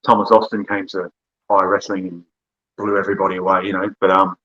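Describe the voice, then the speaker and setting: Easygoing Australian man with a husky voice. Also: deep voice, completely flat delivery, fast, bright, forceful tone, lo-fi sound. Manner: rambling storyteller, laughs often, self-corrects. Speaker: podcast guest. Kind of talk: casual conversation.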